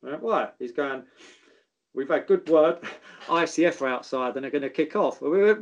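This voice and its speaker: A man's voice: fairly high pitch, animated, normal speed, muffled recording. A man, a former footballer telling stories in casual chat, swearing freely and calling people mate. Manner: laddish, swears freely, says mate and geezer.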